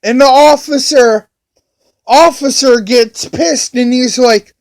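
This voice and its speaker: High-voiced man ranting slowly. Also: vocal fry. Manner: profane, repetitive, heated. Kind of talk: angry storytelling rant.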